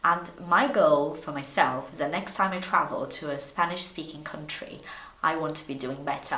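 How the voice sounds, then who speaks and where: A woman, teaching English in a chatty, animated way. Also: low voice. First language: Portuguese. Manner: chatty, animated, repeats words when restarting. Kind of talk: casual video lesson. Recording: echoey room.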